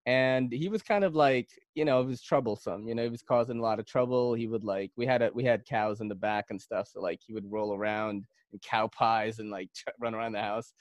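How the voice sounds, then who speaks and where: A man's voice: fairly low pitch, steady tone, fairly quick, hardly any pauses, dry recording, lo-fi sound. A man from the Philippines hosting a casual knife podcast, telling stories in a rambling way with lots of fillers and restarts. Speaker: podcast host.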